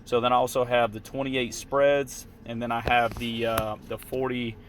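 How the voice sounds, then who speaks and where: A man's voice: medium pitch, flat delivery, normal speed, background noise. A man giving a casual screen-share tutorial as a retail trader, checking in with the listener often. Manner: casual, checks in with "right?" tags. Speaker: retail options trader walking viewers through trades.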